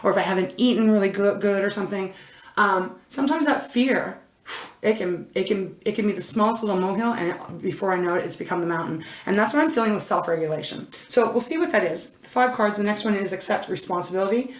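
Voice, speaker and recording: Facing the camera in an indoor room, a woman gives an intuitive tarot reading, speaking fast in a mid-range voice. She rambles chattily, keeps interrupting herself to exclaim "oh my gosh" and start over, and the camera mic gives a roomy sound.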